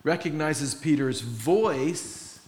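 A man's voice: on the high side, drawn-out words. A male pastor preaching a sermon, telling stories with animation and acting out the people in them. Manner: animated storytelling, acting out quotes with laughter. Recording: roomy echoey sound.

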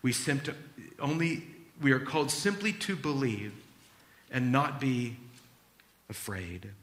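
A man preaching a sermon as pastor, acting out Bible scenes in an animated, storytelling way. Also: medium pitch, a little slow, echoey room.

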